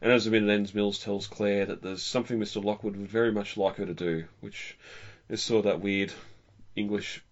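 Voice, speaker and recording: In dull, lo-fi sound, a podcast co-host chats loosely about movies in a fairly low, steady voice. He moves briskly, wandering off and starting sentences over.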